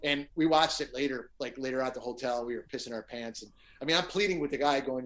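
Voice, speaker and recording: A man's voice: medium pitch, fast talker, few pauses. A middle-aged man, a guest musician, telling stage anecdotes in a casual chat and acting out the quotes. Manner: animated anecdote teller, acts out quotes.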